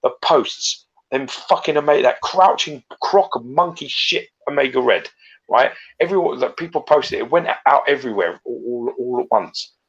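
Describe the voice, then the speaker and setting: A man's voice: mid-range voice, lively intonation, normal speed. A man co-hosting a podcast in casual chat, blunt and ranting with plenty of swearing. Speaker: podcast co-host. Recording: slightly dull lo-fi audio.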